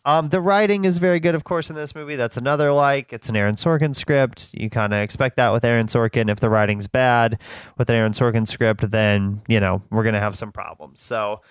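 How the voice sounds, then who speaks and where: A man's voice: mid-range voice, a little fast, smooth, dry recording, studio quality. A man co-hosting a podcast, chatting casually about a film and rambling with lots of fillers. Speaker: podcast co-host. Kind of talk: casual chat.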